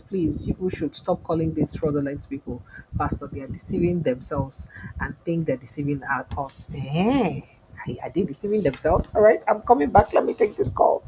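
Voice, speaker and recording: A woman's voice: deep voice, animated, moderate pace, background noise. A woman with a Nigerian accent hosting a live call-in show, chatting casually, reading out viewer comments and slipping into pidgin. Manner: chatty, reads viewer comments aloud, laughs, switches into pidgin.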